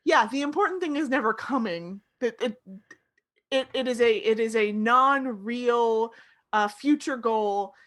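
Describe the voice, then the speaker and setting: A woman's voice: on the high side, unhurried. Exuberant jokey woman co-host. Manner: exuberant, jokey, prone to excited yelps. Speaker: podcast co-host. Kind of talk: comedic casual chat.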